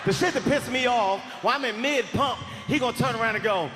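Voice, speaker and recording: A man in his forties doing stand-up comedy, telling a story in an animated, often shouting, profane way on stage at a large live venue. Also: very high voice, quick pace. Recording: echoey hall with crowd ambience.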